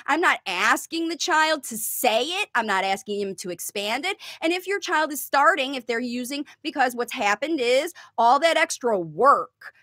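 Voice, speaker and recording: A woman's voice: high voice, big pitch swings, measured pace, few pauses, sharp tone, no room sound, studio quality. A woman coaching parents on how to help their child learn to talk, teaching emphatically and answering viewer questions. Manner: emphatic, demonstrates sing-song parent talk. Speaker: parent coach, speech facilitation.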